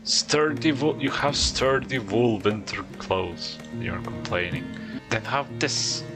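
A man's voice: lowish voice, slow pace. A man casually commentating his own gameplay, coaxing and teasing the characters on screen. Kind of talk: casual let's-play commentary. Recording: game music behind the voice. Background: game music.

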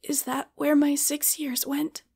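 A woman's voice: sits high, fairly even intonation, normal speed. A woman voicing a grieving young woman, a devoted book fan, speaking earnestly and emotionally.

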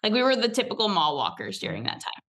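A young woman, a podcast guest, tells a personal story in a casual, chatty way, saying "like" constantly and acting out quoted voices. Her medium-pitched voice has huge pitch swings, a quick pace, and a bit of brightness and roughness.

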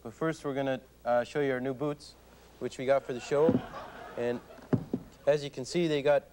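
An actor playing a dim-witted, beer-loving Canadian co-host with a Canadian accent, who talks in a flat, laid-back drawl full of uhs. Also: male voice, medium pitch, normal speed, slight background noise, lightly acted, poor audio. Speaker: co-host of a low-budget talk segment.

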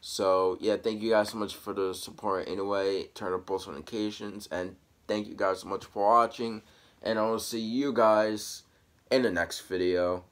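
A man's voice: on the low side, fairly even intonation, normal speed. A young man hosting a reaction video, talking casually in a plain, rambling, unpolished way.

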